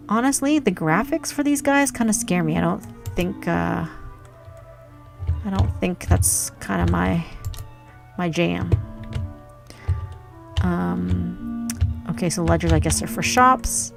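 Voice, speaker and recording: A woman's voice: fairly low pitch, takes it slowly, vocal fry, long pauses, music in the background. A young woman casually commenting on her gameplay, muttering and thinking aloud at her computer. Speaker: gaming youtuber.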